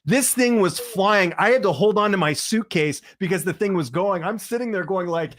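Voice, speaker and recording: A man's voice: high voice, no room sound, studio quality. A man from Canada, a guest commentator, telling a rambling story in casual podcast chat with lots of fillers. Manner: animated, fast rambling storyteller with many fillers.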